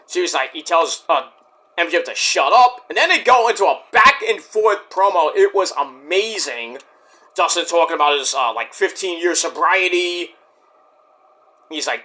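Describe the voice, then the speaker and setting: Excitable, animated young man recapping wrestling. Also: fairly high pitch, moderate pace. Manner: profane, excitable, acts out quotes. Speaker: wrestling reviewer. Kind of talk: casual show recap with impressions.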